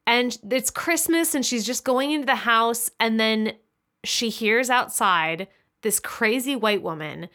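Female podcast co-host, bright timbre, conversational. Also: fairly high pitch, a little slow. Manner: conversational, chimes in to finish the other host's thoughts. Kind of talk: casual chat.

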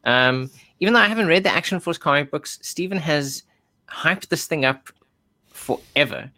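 A man's voice: fairly high pitch, expressive, moderate pace, bright, forceful tone. A man chatting casually as a podcast co-host, hesitant with many ums and restarts. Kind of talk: casual chat.

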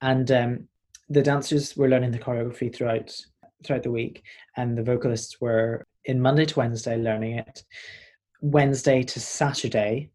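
A man's voice: medium pitch, moderate pace. Chatty young Northern Irish man. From Northern Ireland. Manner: animated, rambling storyteller. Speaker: performer guest. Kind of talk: casual interview chat.

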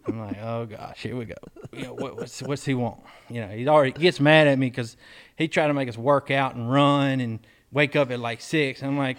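A man tells stories in a relaxed co-host chat. He rambles and restarts often. He slips into quick acted-out quotes of the people in his stories. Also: medium pitch. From Mississippi, US. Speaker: podcast co-host. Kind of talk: casual storytelling chat.

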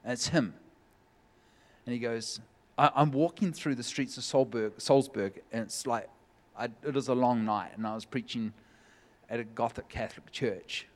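A man preaching a sermon, telling a personal story in a lively way and acting out the voices of the people in it, at a church meeting. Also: medium pitch, normal speed. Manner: lively, acts out quoted voices. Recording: long hall reverb.

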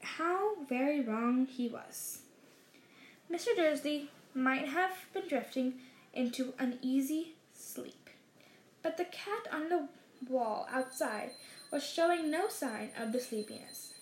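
A woman reading a story aloud in a measured way, slowing down for dramatic phrases. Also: high voice, lively intonation, slight background noise. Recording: roomy echo.

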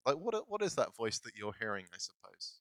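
A man's voice: on the low side, big pitch swings, a little fast, fairly bright tone, no echo, poor audio. A male pastor giving a casual, self-deprecating sermon, laughing often as he talks. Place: church.

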